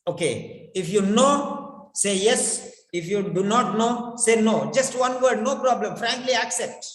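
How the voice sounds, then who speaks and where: Male pronunciation teacher, high pitch, repeats himself to coax students; echoey room with a long reverb tail. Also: a little slow, a bit bright. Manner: repeats words and phrases, coaxing students to respond. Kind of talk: online class teaching. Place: in his village.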